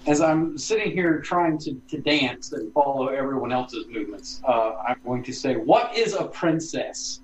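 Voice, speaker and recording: Calm man player in an echoey room. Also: medium pitch, moderate pace, few pauses, a little hiss or hum. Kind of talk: casual tabletop play.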